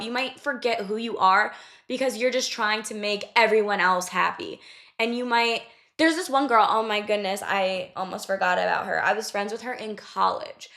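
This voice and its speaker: A woman's voice: fairly high pitch, fairly bright tone. Blunt young woman swearing casually. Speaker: podcast host. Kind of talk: casual advice talk.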